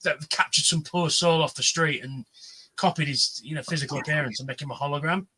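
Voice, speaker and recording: A man telling an animated story on a livestream panel, swearing freely and acting out the voices of the people he quotes. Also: fairly high pitch, brisk, slight background noise, rough recording. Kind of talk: casual chat, storytelling.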